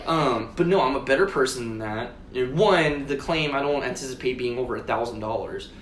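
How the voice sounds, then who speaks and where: A man's voice: medium pitch, a little fast, a bit bright. A man co-hosting a podcast, telling a long story in casual chat, swearing and acting out both sides of a conversation. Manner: profane, rambling, retells conversations. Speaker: podcast co-host. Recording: roomy echo with faint noise.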